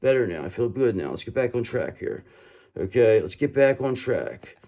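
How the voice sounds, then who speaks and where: A male tarot reader speaks directly to his audience with a lively, swooping pitch that climbs and drops through his sentences. He hammers each point by repeating it, tosses in "okay?" after nearly every claim and calls the listener "brother". His voice sits at a middle pitch for a man. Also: moderate pace. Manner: emphatic, repeats lines, says "okay?" and "brother" often. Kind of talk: tarot reading to camera.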